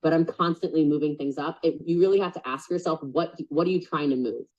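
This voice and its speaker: A woman's voice: deep voice, fairly even intonation, a little fast, a little mellow. A woman coaching a group on a call, chatty and blunt with lots of fillers. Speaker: business coach. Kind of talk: casual coaching call talk. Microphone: video call. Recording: dull lo-fi call audio.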